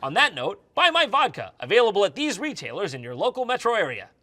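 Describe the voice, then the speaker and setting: A man's voice: high voice, wildly swooping pitch, quick pace, sharp tone, no echo. A man hosting a comedy review, ranting with sarcastic exasperation. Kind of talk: comedic commentary.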